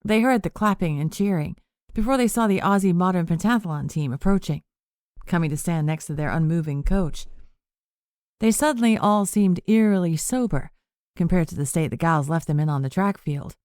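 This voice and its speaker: A woman narrating a cozy mystery audiobook in a steady storytelling voice. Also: fairly low pitch, normal speed, no echo, clean studio sound. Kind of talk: scripted narration.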